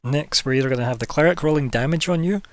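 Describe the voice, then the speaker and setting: A man's voice: on the high side, quick pace, no room sound. A man running a tabletop game as game master, in casual talk, laughing often and asking the players what they do.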